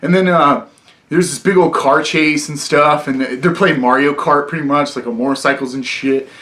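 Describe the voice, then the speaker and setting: A man's voice: a little high, moderate pace, sharp tone. A young man reviewing a film in a casual vlog, rambling with lots of fillers and frequent swearing. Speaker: movie reviewer.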